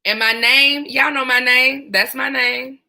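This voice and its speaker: Bright-voiced woman telling dispatcher stories. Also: sits high, unhurried. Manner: animated, laughs while telling stories. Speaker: former 911 dispatcher. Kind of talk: casual storytelling vlog.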